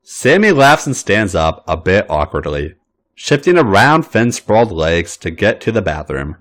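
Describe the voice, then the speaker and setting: Guy narrating a story for a podcast, super expressive, pitch all over the place. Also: measured pace. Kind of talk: read-aloud story narration.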